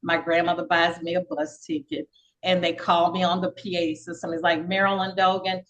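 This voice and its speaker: An older woman, a podcast guest, telling her life story in a casual, lively way and acting out the voices of people she quotes. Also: on the low side, moderate pace, low-quality recording. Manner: lively, acts out quoted dialogue; frequent fillers and repeats.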